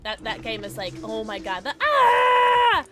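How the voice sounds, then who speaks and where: A woman streaming a game live, chatting with her viewers in a bubbly, excitable way, sometimes mumbling, sometimes shouting. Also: medium pitch, brisk, over music. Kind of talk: live gaming stream chat.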